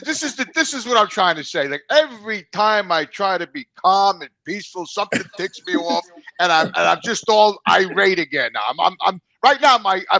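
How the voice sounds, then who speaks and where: A man on a headset, a show regular in a casual panel chat, excitable and agitated, swearing a lot. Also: high-pitched, moderate pace, creaky.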